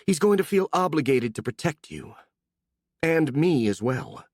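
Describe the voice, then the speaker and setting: A man voicing a calm, matter-of-fact young woman with a sly, sarcastic edge, in an audiobook. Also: fairly high pitch, unhurried, no room sound, voice pushed up. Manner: calm, dry, a bit sarcastic.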